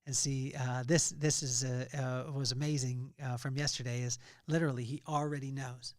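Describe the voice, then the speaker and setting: A man's voice: mid-range voice, flat delivery, moderate pace, no echo, clean studio sound. A middle-aged man hosting a podcast, giving an earnest faith-based motivational talk with personal storytelling. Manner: earnest storytelling, rising to loud emphasis. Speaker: podcast host.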